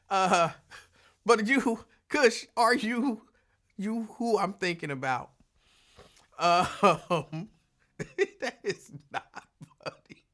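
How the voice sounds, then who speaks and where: A man runs a live afternoon radio show with a laid-back drawl, calling out listeners by name and laughing his way through stories. He speaks high-pitched and sharp, with lively intonation, drawn-out words, and long pauses.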